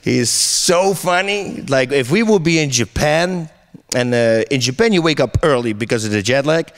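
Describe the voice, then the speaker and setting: Animated middle-aged man telling stories. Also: medium pitch, normal speed. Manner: animated storyteller, laughs often, many restarts. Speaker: interview guest, MMA commentator. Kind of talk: casual interview chat.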